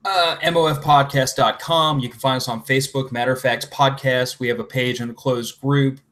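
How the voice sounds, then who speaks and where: A man's voice: medium pitch, steady tone, moderate pace, a bit bright. A man speaking as a podcast guest in casual chat, blunt and crude in his jokes.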